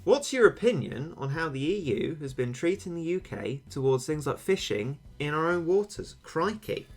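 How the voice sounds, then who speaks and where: A man's voice: a little high, big pitch swings, moderate pace, soft background music. Wry man chatting on stream. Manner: wry, rambling, dry self-mocking humour. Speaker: game streamer. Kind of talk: casual chat to stream viewers. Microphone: failing desk microphone tilted toward him. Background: faint game sound.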